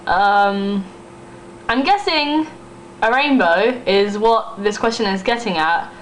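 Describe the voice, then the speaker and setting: A woman's voice: medium pitch, expressive, slow, a little hiss or hum, low-quality recording. A young woman with an East Midlands accent, vlogging casually, chatty and giggly, rambling with fillers while reading a word list off her computer. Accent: East Midlands English. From Northamptonshire, England.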